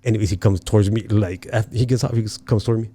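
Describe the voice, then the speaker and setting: A man's voice: on the low side, fast. A man from El Paso, a guest comedian, tells stories in a casual podcast chat. He swears freely, acts out the scenes he describes, and slips into Spanish. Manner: profane, animated, slips into Spanish.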